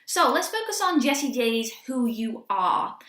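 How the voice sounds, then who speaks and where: A young woman teaches singing in a quick, chatty lesson, encouraging her listeners as she goes. Her voice sits high and sounds bright. The room around her is noticeably echoey. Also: big pitch swings. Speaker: vocal coach.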